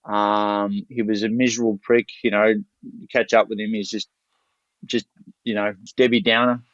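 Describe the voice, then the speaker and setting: A man's voice: on the low side, level tone, moderate pace, a bit bright, no room sound. An Australian man, a podcast guest, telling a story in a blunt, salty, loose way. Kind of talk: casual storytelling. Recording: dull lo-fi dry recording.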